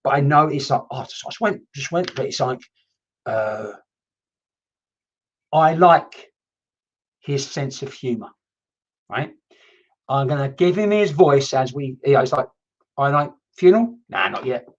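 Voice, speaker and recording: Chatty man, husky voice, dull audio. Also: medium pitch, lively intonation, measured pace, pauses often. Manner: rambling, chatty, with many restarts and mild swearing. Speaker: medium. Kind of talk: live-streamed mediumship session. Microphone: computer mic.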